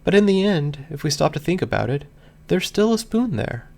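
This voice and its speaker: A man voicing a cheerful, gentle pony mare who talks in a soft, earnest, lilting way. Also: on the high side, very animated, moderate pace, creaky, pitched above the performer's own voice. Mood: gentle coaxing.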